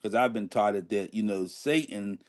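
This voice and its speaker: A man's voice: fairly low pitch, moderate pace, no room sound, studio quality. A man co-hosting a religious talk show, chatty and affirming. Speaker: co-host.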